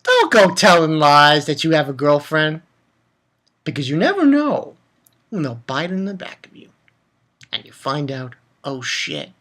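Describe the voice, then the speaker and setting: A man hosting a casual manga review vlog. He laughs often and swings between loud outbursts and mumbled asides. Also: on the high side, sing-song, unhurried, pauses often. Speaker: manga reviewer, channel host.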